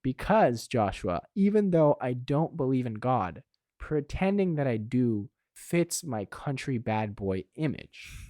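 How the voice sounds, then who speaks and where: Animated, theatrical male podcast co-host. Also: mid-range voice, dry recording, clean studio sound. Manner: theatrical, drawn-out teasing delivery. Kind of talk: playful comedic chat.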